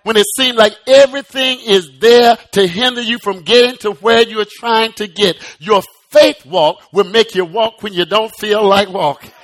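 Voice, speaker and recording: Preacher guy with a really high bright voice, goes from slow and soft to loud and shouty, keeps repeating words. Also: soft background music. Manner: repeats words in quick restarts. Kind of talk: sermon.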